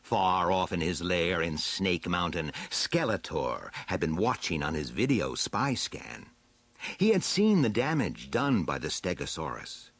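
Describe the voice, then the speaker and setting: A man narrating a children's adventure storybook aloud in an expressive, dramatic way. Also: low voice, a little slow, no echo. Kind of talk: storybook reading.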